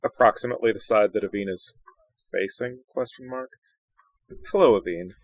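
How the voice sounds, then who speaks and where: Gravelly low-voiced man, formal and deliberate. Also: steady tone, dry recording, low-quality recording. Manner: formal, deliberate in-character speech. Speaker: player.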